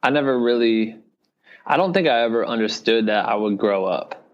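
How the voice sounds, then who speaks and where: A man's voice: mid-range voice, moderate pace. A man from Iowa, a guest in a casual podcast interview, talking in loose rambling runs full of fillers. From Iowa, US Midwest. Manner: loose rambling talk full of fillers, "you know what I mean". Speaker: guest, video director and creator. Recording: dull lo-fi podcast audio.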